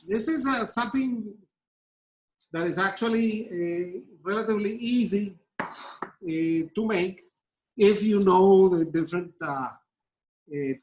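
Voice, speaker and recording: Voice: medium pitch, poor audio. A presenter giving a live cooking demonstration, speaking hesitantly with many fillers and restarts and explaining step by step. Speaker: pastry demonstrator.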